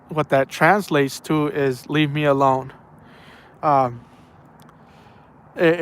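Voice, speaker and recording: A man's voice: on the high side, a bit bright. A man telling a story casually outdoors at night. He rambles and repeats himself and drops slang like "man" and "bro". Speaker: angler telling stories on a night fishing trip.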